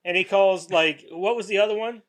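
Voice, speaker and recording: A man's voice: high voice, fairly quick, fairly bright tone. A man co-hosting a casual podcast chat, teasing and blunt, swearing freely. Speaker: podcast co-host.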